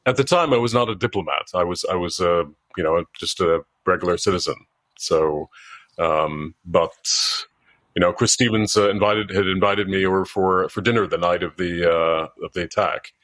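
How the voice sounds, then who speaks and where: A man giving halting interview answers as an author and former diplomat, full of fillers and restarts. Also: sits low, fairly bright tone, no room sound. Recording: dry sound, breaking up at times.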